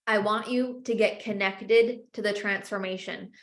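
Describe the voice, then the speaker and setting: A woman's voice: mid-range voice, steady tone, a little slow, hardly any pauses, roomy sound. A woman sales coach teaching a live masterclass, speaking with passion and emphatic repetition.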